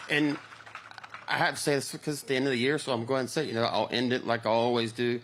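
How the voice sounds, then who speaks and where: A man's voice: medium pitch, steady tone, fast, crowd noise, background noise. A middle-aged man, a pro angler, speaking emotionally and from the heart on an outdoor stage.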